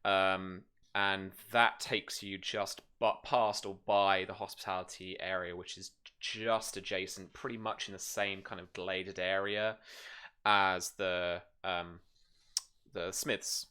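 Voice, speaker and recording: A man's voice: low voice, flat delivery, takes it slowly, sharp tone, smooth. A man narrating as game master, describing scenes in loose speech with many fillers and restarts.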